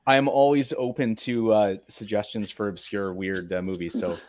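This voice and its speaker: A man's voice: fairly low pitch, fairly even intonation, normal speed, over a noisy crowd. A man hosting a podcast, easygoing and agreeable in casual chat.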